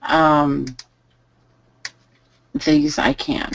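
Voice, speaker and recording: A woman teaching a live online lesson, calmly thinking aloud as she types through each step. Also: low voice, drawn-out words, vocal fry, rough recording. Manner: relaxed, thinking aloud while typing. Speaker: online selling instructor. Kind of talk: live screen-share tutorial.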